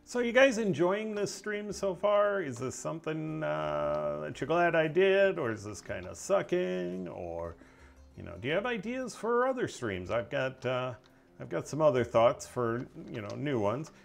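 Male game streamer, animated pitch, chatty play-by-play with excitable outbursts. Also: measured pace, creaky, faint music behind. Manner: chatty, talks to viewers while playing. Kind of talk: casual gameplay commentary.

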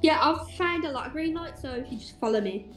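A woman's voice: high voice, animated, a little fast. A woman playing an online game with a friend, giving playful orders and teasing her. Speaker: gamer. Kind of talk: casual gameplay chat. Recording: roomy voice chat with faint game music.

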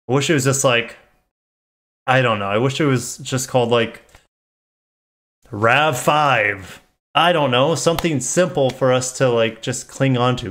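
A chatty man reads a press release on a live stream, keeping a middle pitch. He keeps stopping to riff and correct himself in loose, offhand asides. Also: animated, a little slow, fairly bright tone. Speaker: car channel host.

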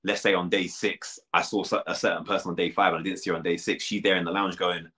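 Young British man, deep voice, rapid talk, casual interview, frank. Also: level tone, bright, forceful tone. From United Kingdom. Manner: candid, quick, uses many fillers and restarts. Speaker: reality show contestant, guest.

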